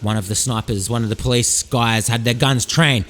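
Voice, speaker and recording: A man's voice: medium pitch, fairly even intonation, moderate pace, hardly any pauses, a bit bright. A man hosting a podcast, telling a comic story in a rambling, profane, hyped-up way. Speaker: podcast host. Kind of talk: comedic storytelling monologue. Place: Sydney.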